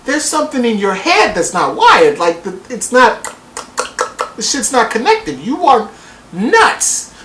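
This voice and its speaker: A woman recapping a reality TV episode in a casual vlog, profane and animated, acting out quotes in exaggerated voices. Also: on the high side, measured pace, a little hiss or hum. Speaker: TV show reviewer. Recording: roomy echo.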